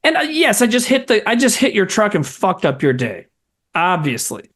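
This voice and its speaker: Animated, swearing male podcast host. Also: sits high, moderate pace. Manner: animated, profane storytelling. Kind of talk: casual comedy podcast chat.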